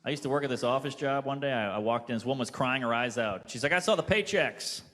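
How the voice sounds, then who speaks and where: A man doing a stand-up comedy set, delivering deadpan punchlines and briefly voicing the people in his jokes. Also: medium pitch, quick pace.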